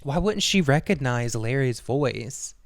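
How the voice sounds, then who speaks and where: A man's voice: medium pitch, expressive, unhurried, creaky, dry recording, studio quality. Rambling man podcast co-host. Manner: rambling, filler-heavy storytelling with mimicked voices. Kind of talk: casual episode recap.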